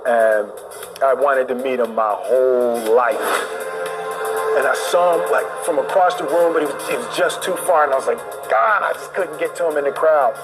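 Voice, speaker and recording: A man telling a comic story, animated and acting out the voices. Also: mid-range voice, moderate pace, music in the background. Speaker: celebrity guest.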